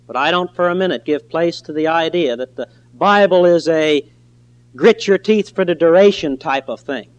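A man preaching a sermon in an earnest, emphatic way, slowing down on key phrases. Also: on the high side, dull audio.

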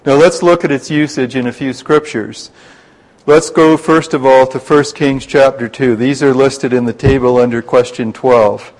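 A man leading a Bible study class, explaining scripture in a measured way and slowing down to spell out terms and quotes. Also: medium pitch, steady tone, poor audio.

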